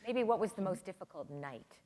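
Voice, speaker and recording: A woman's voice: mid-range voice, lively intonation, fairly quick, dark tone. A woman, a radio host, interviewing a guest on stage before an audience, asking short, encouraging follow-up questions. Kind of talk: live onstage interview. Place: public library salon before an audience. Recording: long hall reverb with crowd murmur.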